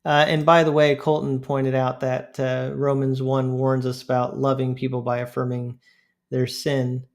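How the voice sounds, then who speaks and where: A man's voice: medium pitch, monotone, moderate pace. A man hosting a casual podcast chat, asking questions and laughing easily. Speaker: podcast host.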